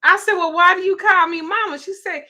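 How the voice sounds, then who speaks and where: A woman's voice: extremely high pitch, fairly even intonation, brisk, sharp tone. A grandmother talking casually, blunt and profane, laughing as she tells stories. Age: older. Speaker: host. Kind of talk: casual chat.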